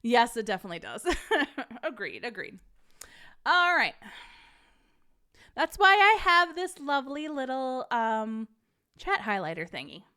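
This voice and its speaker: A woman's voice: on the high side, big pitch swings, a little slow, long pauses, sharp tone, clear, resonant tone. A woman hosting a casual live-streamed podcast, chatting with viewers and reading a story aloud, laughing often.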